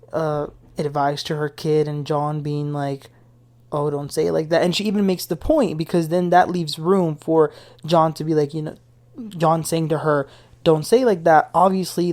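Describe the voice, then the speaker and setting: A woman's voice: low-pitched, a little mellow. A woman hosting a casual reality TV recap, retelling scenes in a chatty way with her own opinions and asides. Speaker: TV recap host.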